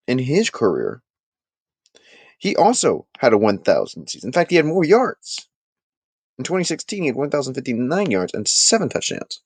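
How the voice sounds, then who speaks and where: A man hosting a casual live sports talk stream, chatting with his viewers and making animated, emphatic points. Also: medium pitch, moderate pace, no room sound.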